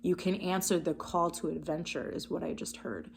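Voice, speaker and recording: A woman's voice: on the low side, moderate pace, creaky, a little hiss or hum. A woman giving a casual spiritual card reading, enthusiastic and encouraging, talking straight to her viewers. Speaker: tarot card reader.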